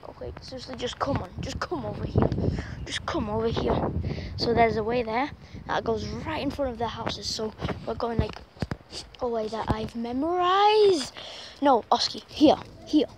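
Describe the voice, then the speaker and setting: Young woman, high voice, exasperated dog walker, handheld outdoor vlog with heavy background noise. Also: moderate pace. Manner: exasperated, pleading with her dog. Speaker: vlogger. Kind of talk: casual vlog while walking a dog. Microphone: handheld camera. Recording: loud outdoor noise on camera mic.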